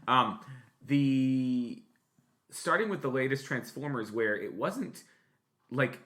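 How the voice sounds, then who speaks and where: A man's voice: medium pitch, expressive, slow pace, a bit bright. A man in his late thirties co-hosting a podcast, chatting casually and rambling with many fillers, restarts and casual swearing. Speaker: podcast co-host. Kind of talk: casual chat.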